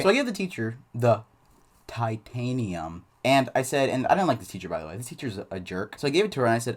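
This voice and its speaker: A man's voice: medium pitch, big pitch swings, fast talker. Rambling man telling a school story. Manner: rambling, many fillers and restarts. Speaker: channel host. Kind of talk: casual storytime.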